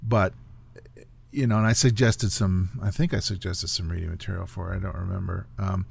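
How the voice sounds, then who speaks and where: Low gravelly guy on a podcast, laid back, lots of ums. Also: steady tone, a little fast. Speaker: podcast co-host. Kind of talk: casual conversation.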